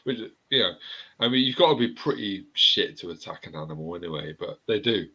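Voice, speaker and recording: A man's voice: deep voice, expressive, fairly quick, pushed and bright, lo-fi sound. A man telling rowdy anecdotes in a casual chat, swearing freely.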